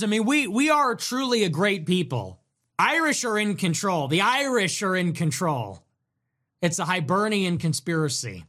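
Animated, high-voiced male streamer. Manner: animated, sarcastic, provocative, jokey. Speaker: livestream host reading donations. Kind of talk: casual livestream commentary.

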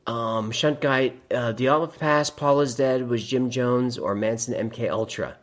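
A man's voice: medium pitch, fairly even intonation, a little slow. Wry man hosting a casual livestream. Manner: wry, rambling asides, laughs at his own jokes. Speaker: livestream host reading chat.

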